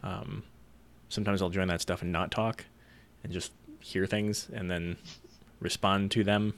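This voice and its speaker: A man's voice: deep voice, steady tone, measured pace. A man co-hosting a casual gaming chat show, laid-back and dry, laughing easily. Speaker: podcast co-host.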